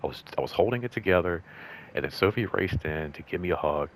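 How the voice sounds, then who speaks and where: A man's voice: animated, fast, a little hiss or hum. A middle-aged man telling a personal story in a casual, rambling way, full of fillers, sometimes acting out what others said. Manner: acts out quoted voices in higher pitch. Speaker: host.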